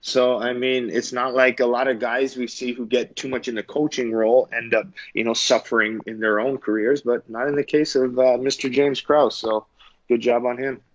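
A man co-hosting a casual mixed martial arts chat, speaking in a relaxed, loose way with some hesitation. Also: medium pitch, normal speed, no room sound, dull audio. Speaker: co-host and commentator.

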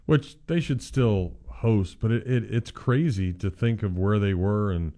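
A man co-hosting a sports talk show, firing off dry, quick comebacks in casual chat. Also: on the low side, dark tone.

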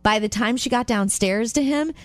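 A woman co-hosting a radio show, chatting and reading stories with a bright, laughing manner. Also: on the high side, normal speed, no echo. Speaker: radio co-host. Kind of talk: casual radio chat and story reading.

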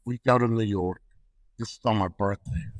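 Older male storyteller, lively, acts out voices, dry close sound. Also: on the low side, moderate pace, no room sound, rough recording. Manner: animated storyteller, acts out phone calls in voices. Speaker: guest, activist. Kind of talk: storytelling in a conversation.

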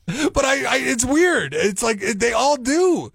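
A man's voice: extremely high pitch, wildly swooping pitch, slow pace, gravelly, a bit bright, husky, no echo. A man co-hosting a morning radio show, chatting casually and laughing often. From California.

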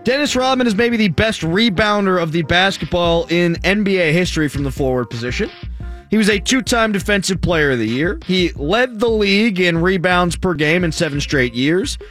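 A man's voice: sits high, lively intonation, moderate pace, fairly bright tone, soft background music. A man with a Pittsburgh accent hosting sports talk radio, riffing in a jokey, ranting way from a studio mic. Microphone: studio microphone.

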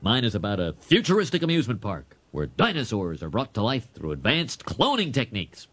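A dim, smug cartoon dad. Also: male voice, on the low side, wildly swooping pitch, a little fast, fairly bright tone, husky, heavily acted. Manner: pleased with himself, naive. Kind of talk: cartoon voice acting.

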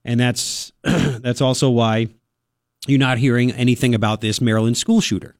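A man hosting a talk radio show, opinionated and sarcastic, with quick asides. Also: mid-range voice, fairly even intonation, a little mellow, no echo, studio quality. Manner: brash, sarcastic, rapid asides. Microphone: studio microphone.

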